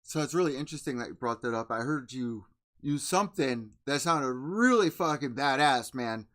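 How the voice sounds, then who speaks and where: A man's voice: medium pitch, animated, normal speed, fairly bright tone. A man hosting a podcast, asking casual, enthusiastic questions and swearing freely. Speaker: podcast host.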